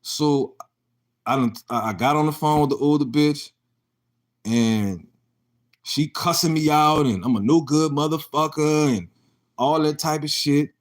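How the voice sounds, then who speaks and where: A man's voice: on the high side, a little slow. A young adult man telling a casual, profanity-laced story about his own life, acting out the exchanges he describes. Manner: profane, animated, acts out quoted exchanges.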